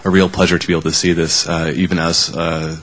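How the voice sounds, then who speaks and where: Male moderator, very deep monotone, formal thanks. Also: fast talker.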